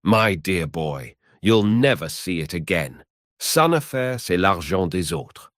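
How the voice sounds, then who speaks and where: A man's voice: low-pitched, big pitch swings, measured pace, a bit bright, dry recording, clean studio sound, full character voice. A man voicing a jovial painter friend in a storybook reading, speaking in an amused, hearty way.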